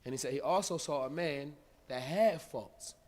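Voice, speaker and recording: American preacher, loud and hushed by turns. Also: male voice, on the high side, normal speed. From United States. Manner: informal street-style speech with big swings of volume. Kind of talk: live mosque talk. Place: mosque hall.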